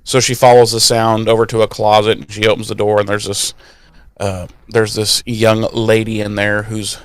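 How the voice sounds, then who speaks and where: Dude on a podcast retelling a show, super animated, crisp voice, acts out the lines. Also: male voice, on the low side, normal speed, no room sound. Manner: animated storytelling, swears freely, acts out lines. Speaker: podcast co-host. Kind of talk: casual episode recap.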